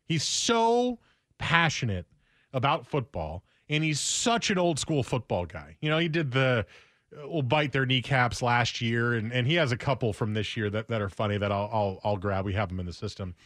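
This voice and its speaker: Male sports radio host, lively swooping pitch, dry studio sound, faint music underneath. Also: moderate pace, no echo. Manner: conversational, rambling with restarts. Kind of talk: casual sports talk.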